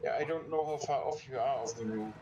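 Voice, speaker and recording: A man chats with friends over a game, teasing and bossing the session along. His voice is mid-pitched, with a faint hiss behind it. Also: fast talker, warm tone, highs cut off. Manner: teasing, bossy organizer. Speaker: player in a multiplayer game. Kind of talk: casual gaming chat.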